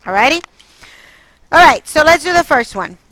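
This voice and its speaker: In a high, expressive voice that's pushed and bright, a female math teacher speaks at normal speed while quizzing students and drawing answers out of them. Exasperation gives way to apology. There's no echo, though the recording is rough.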